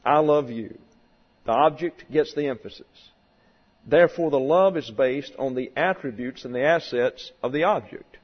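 A male pastor delivers a sermon in a slow, deliberate teaching manner, leaning on key words. His mid-pitched voice rings out with a long reverb, as if filling a large sanctuary. The recording has a muffled, lo-fi quality. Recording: dull lo-fi sound in a long-reverb hall.

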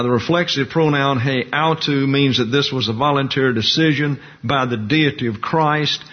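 A man teaching a Bible study lecture, explaining doctrine slowly and carefully and walking through Greek terms and a diagram. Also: medium pitch. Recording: muffled lo-fi recording.

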